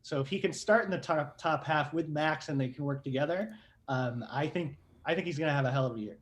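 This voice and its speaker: A man's voice: a little high, fairly quick. A man from San Diego, a guest on a podcast, talking casually and enthusiastically. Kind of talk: casual interview chat.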